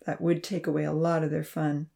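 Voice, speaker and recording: A woman voicing an earnest, distraught male scientist who pleads in a breathy, tearful voice. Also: deep voice, level tone, brisk, dark tone.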